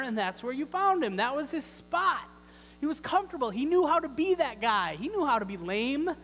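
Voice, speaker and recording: A man's voice: very high-pitched, fairly bright tone, long reverb tail, a little hiss or hum, low-quality recording. Wry, conversational male preacher. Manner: conversational and wry, with rhetorical questions. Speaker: pastor. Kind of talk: sermon. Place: church sanctuary.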